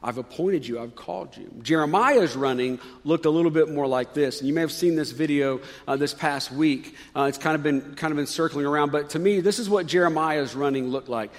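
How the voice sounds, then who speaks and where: A man's voice: a little high, fairly quick, hardly any pauses, in a large hall. A male pastor preaching a sermon in a conversational way, rising with emphasis on key points.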